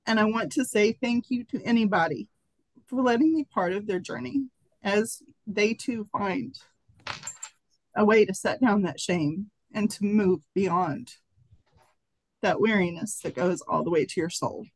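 A woman's voice: mid-range voice, no room sound, rough recording. Woman reading her own writing, choked up, dry close sound. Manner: emotional, halting, apologizes. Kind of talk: reading a personal piece aloud. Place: conference workshop room.

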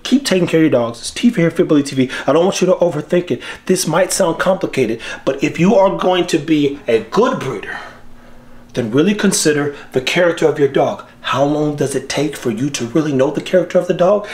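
A man chatting casually to the camera as the host of his own channel, slangy and quick to laugh. His voice sits fairly high for a man and swings widely in pitch as he gets animated. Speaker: dog breeder and channel host.

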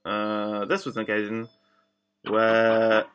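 A man's voice: on the low side, monotone, slow, rough recording. A young man, a rapper, rants in a rambling, profane and defensive vlog monologue. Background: music.

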